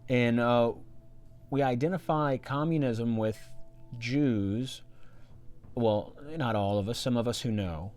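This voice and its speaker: A man's voice: mid-range voice, lively intonation, a little slow, long pauses, a little mellow, faint music behind. A man reading an old newspaper aloud and stopping for rambling, sarcastic asides. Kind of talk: reading with commentary.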